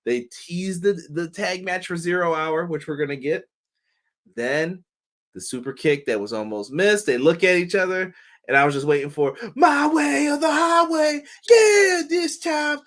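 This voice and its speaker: A man's voice: fairly high pitch, moderate pace, fairly bright tone. A man hosting a casual wrestling review show, talking loosely with laughs, curses and mock voices. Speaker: wrestling podcast host.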